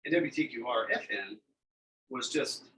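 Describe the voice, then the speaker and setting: A man's voice: medium pitch, moderate pace, fairly bright tone. A man, a longtime radio DJ telling stories in a casual, folksy chat. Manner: folksy storyteller. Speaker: radio DJ guest. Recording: distant mic with faint background noise.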